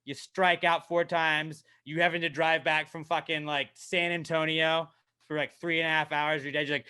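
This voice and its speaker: Profane ranting podcast guy, bright voice. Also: fairly high pitch, moderate pace, clear, resonant tone. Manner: profane, ranting, self-mocking; animated, swinging from mumbling to yelling. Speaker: podcast co-host. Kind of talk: casual comedic podcast chat.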